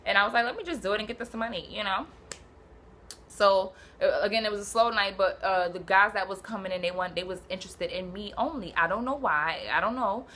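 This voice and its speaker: Bright-voiced New woman telling a story. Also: medium pitch, a little fast, a little hiss or hum. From Brooklyn, New York. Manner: animated, swearing, slangy, acts out quotes. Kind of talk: casual storytelling.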